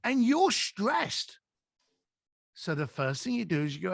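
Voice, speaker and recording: Animated man telling stories, high and lively. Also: measured pace, creaky, pauses often, dry recording, clean studio sound. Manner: acts out quoted dialogue with lively voices. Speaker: podcast guest. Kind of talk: animated storytelling advice.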